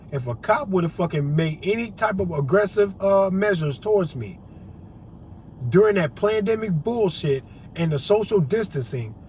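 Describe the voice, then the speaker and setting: A man with a notably high voice delivers a fired-up monologue to his camera. He swears freely, preaches, and drives each point home through repetition. Faint background noise sits under his voice. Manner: profane, emphatic, preachy, repetitive. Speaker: vlogger and activist.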